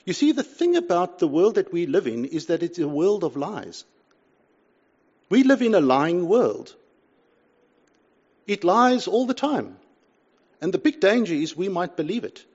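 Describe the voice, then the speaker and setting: An older man preaching with a high, lively, gravelly voice, lifting to loud pleas and dropping to a hush. His tone is husky, and the recording sounds dull and lo-fi. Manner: impassioned preaching with wide swings from loud to hushed. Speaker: pastor. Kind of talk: sermon.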